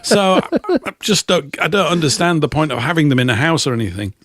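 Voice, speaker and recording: A man's voice: fairly high pitch, sing-song, fast talker, no room sound. Dry rambling middle-aged English man. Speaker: co-host. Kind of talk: casual chat.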